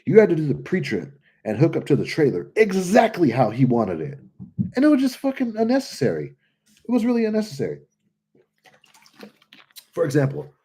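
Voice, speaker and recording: A man's voice: lowish voice, breathy edge. A young man from California, chatting casually and bluntly with lots of swearing while telling stories. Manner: blunt, profane, animated storytelling. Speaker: trucker vlogger answering comments. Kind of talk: casual livestream chat.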